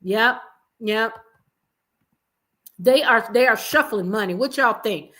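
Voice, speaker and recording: A woman hosting a casual livestream, giving blunt, animated commentary and talking straight to her viewers in the chat. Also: on the high side, slow pace. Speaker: livestream host.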